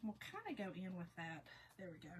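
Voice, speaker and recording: Chatty hoarse-voiced woman. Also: lowish voice, fairly quick. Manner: chatty, reads out viewer comments, folksy. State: voice going hoarse. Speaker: crafting livestream host. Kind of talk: casual live painting chat with viewers.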